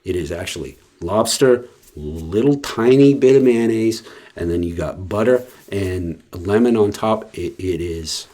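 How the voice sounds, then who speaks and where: A man's voice: low-pitched, expressive, measured pace, warm tone. A man chatting casually to the camera in a rambling way, full of fillers and restarts. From West Coast of the US. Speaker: vlogger.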